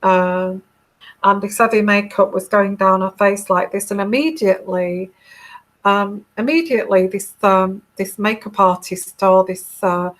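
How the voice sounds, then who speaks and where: A British woman talks slowly and unhurriedly, her voice soft and calm at a middle pitch. She tells her story hesitantly, with many pauses, fillers and restarts, like a tarot reader chatting to her viewers. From United Kingdom. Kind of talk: casual monologue recounting a dream.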